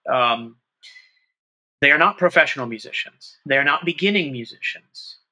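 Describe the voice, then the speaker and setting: A middle-aged man, a trumpet professor, talking through his ideas in an interview, animated and thinking aloud with quick restarts. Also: medium pitch, poor audio. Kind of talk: conversational interview.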